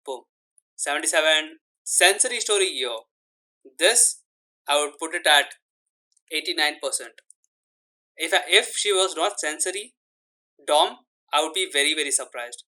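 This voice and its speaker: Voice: mid-range voice, animated, moderate pace, long pauses, pushed and bright, poor audio. A channel host giving casual, emphatic commentary on an interview clip, correcting numbers as they go. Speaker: channel host analyzing clips.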